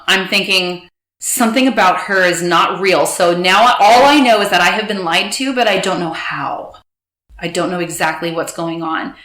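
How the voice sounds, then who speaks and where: A woman recounting a personal story with emotion, halting and restarting, quoting others in quick bursts. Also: fairly low pitch, sharp tone, reverberant. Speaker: guest telling her story.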